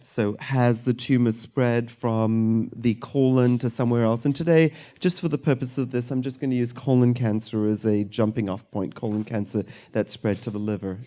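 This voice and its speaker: A man's voice: medium pitch, warm tone. A middle-aged man from Sri Lanka, a surgeon speaking to an audience in a light-hearted, conversational way with self-deprecating jokes.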